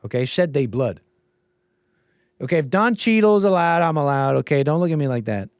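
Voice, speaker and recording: A man's voice: a little high, expressive, fast talker, clear, resonant tone, no room sound, clean studio sound. A man hosting a livestream commentary show, rambling and musing aloud and often trailing off mid-thought. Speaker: show host.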